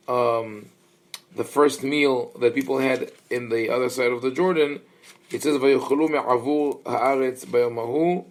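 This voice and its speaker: Male rabbi giving a study lecture; reflective and explanatory, medium pitch, hesitant and conversational. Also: a little hiss or hum. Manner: thoughtful, explanatory, many fillers and restarts; engages listeners with questions. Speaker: rabbi teaching a class.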